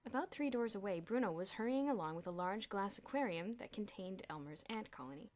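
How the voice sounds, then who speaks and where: A woman's voice: medium pitch, expressive, fairly quick, darkish tone. A woman narrating a children's novel as an audiobook, telling the story expressively. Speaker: audiobook reader.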